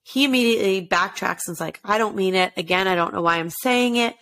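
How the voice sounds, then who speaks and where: A woman with a gravelly, creaky edge to her voice tells a story in a loose, chatty way. She jumps up and down in pitch to act out what people said, then drops back to her everyday voice. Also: fast, a bit bright. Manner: chatty, acts out quotes with shifts in pitch. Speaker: podcast host telling a true-crime story. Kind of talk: casual storytelling chat.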